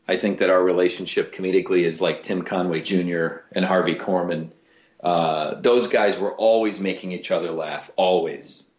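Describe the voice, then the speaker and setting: A man, a voice actor and comedian, telling stories in a casual interview with lively restarts. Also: sits low, echoey room, lo-fi sound. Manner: animated storyteller, lots of restarts.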